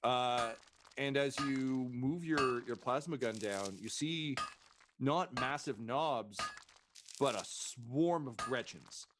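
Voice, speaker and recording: A man's voice: medium pitch, slow. A man running a tabletop role-playing game as game master, casual and profane, with many fillers. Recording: noisy stream mix.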